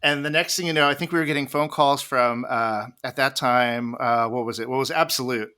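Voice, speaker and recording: A man's voice: medium pitch, fairly quick, bright, forceful tone, smooth. Chatty man telling bar stories. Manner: rambling, many restarts, laughs while telling stories. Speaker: podcast guest, bartender. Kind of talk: casual storytelling interview.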